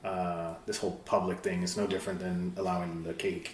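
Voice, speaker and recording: A man speaking as a guest in a casual podcast discussion, thoughtful and halting with frequent restarts. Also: low-pitched, little pitch movement. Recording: roomy echo with faint noise.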